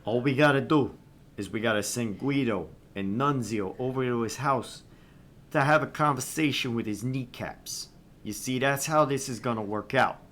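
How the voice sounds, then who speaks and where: A man voicing an old mob boss with a put-on Italian-American accent, slow and exaggerated in his threats. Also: mid-range voice, fairly bright tone, a little hiss or hum, natural voice. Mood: menacing.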